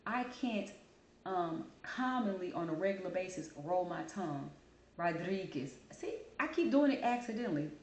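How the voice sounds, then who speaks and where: A woman hosting her channel, talking casually to camera and telling her story in an animated, chatty way. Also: lowish voice, normal speed, slight background noise. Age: adult. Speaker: channel host. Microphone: camera mic. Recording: roomy echo.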